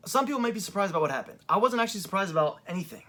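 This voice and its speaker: A young adult man talking through events in a casual commentary vlog, rambling with lots of fillers, seated in a creaky chair. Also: sits high, expressive, very fast, sharp tone. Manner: rambling, filler-heavy retelling. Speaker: wrestling fan reviewer.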